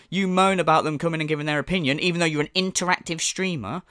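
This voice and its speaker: A man's voice: high-pitched, animated, fast, few pauses, fairly bright tone, no echo, studio quality. A man hosting a mocking commentary, sarcastic and sweary, often mimicking others in exaggerated voices. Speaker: commentary channel host.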